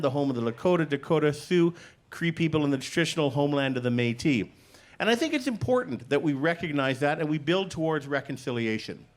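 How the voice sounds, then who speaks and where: Guy doing standup, bit higher voice, really lively swoopy delivery, deadpan punchlines. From Canada. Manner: playful, deadpan punchlines, acts out both sides of dialogue. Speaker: stand-up comedian. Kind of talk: stand-up comedy set. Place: comedy stage before a live audience.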